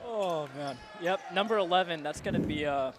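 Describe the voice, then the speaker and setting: A young man with a notably high voice calls a college basketball game. He slips dry, deadpan jokes in between the plays. His mic picks up a lot of gym noise, with balls bouncing in the background. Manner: wisecracking, quick deadpan quips. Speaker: student sports commentator. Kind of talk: casual play-by-play commentary.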